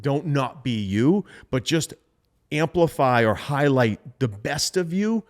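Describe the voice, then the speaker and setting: Animated young man telling sales stories. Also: mid-range voice, takes it slowly. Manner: animated storyteller who acts out quoted voices. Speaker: podcast co-host. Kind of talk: casual chat.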